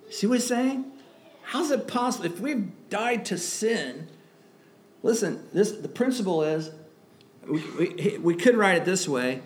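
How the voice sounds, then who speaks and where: A man's voice: high-pitched, very animated, unhurried. A man preaching a sermon in a conversational way, asking rhetorical questions and breaking into emphatic outbursts. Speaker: pastor.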